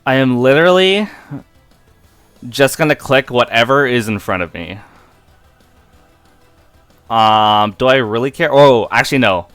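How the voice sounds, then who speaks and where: Man, live gameplay commentary, unhurried, clear smooth voice, faint music behind. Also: medium pitch, no echo. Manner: excitable, breaks into helpless laughter. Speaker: competitive game player and video creator.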